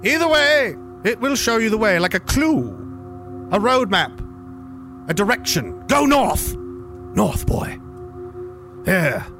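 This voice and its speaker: A man's voice: high-pitched, very animated, pushed and bright, faint music behind, heavily acted. A man putting on a grave old storybook narrator. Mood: ominous. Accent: put-on old-fashioned storyteller accent. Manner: slow, dramatic, portentous delivery.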